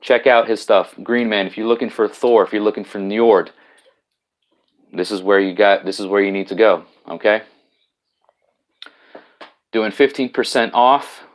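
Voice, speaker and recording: A man's voice: lowish voice, a little slow, pauses often. A man hosting a casual live stream from home on his laptop, greeting viewers, reading out their comments and rambling with many fillers and restarts.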